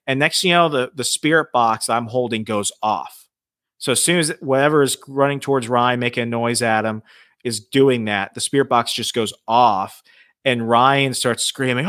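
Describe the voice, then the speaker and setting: In a dry, studio-quality recording, a man with a mid-range voice and moderate pace tells ghost stories on a podcast. He's casual and profane, bringing the tales to life by acting out what the people in them said.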